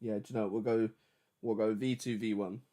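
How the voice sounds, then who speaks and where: A man chatting loosely and excitedly while producing music on a livestream, with slangy, jokey banter. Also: lowish voice, brisk, background noise. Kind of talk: casual livestream chat.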